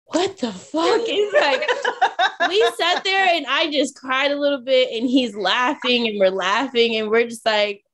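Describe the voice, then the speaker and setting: A woman podcast co-host telling a story in casual chat, animated and acting out what people said. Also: high voice, measured pace. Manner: animated, acts out quotes from others.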